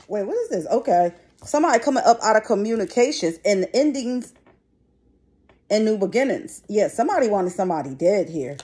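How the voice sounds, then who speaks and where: A middle-aged woman doing a casual tarot reading, blunt and chatty, with curses dropped in freely. Her voice sits at an ordinary middle pitch for a woman. Clear noise runs behind her throughout. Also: mellow. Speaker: tarot reader. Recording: noisy background.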